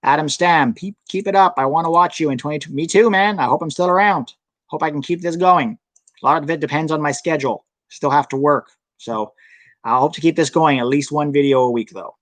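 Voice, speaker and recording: A man's voice: fairly high pitch, fairly quick, fairly bright tone, no room sound. A young American man hosting a soccer channel live stream, chatting casually and answering viewer comments. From United States.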